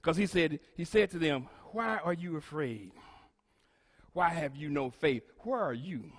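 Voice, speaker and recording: A man preaching a sermon to his congregation as pastor, swinging between shouted lines and quiet, low asides. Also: sing-song, moderate pace, long reverb tail.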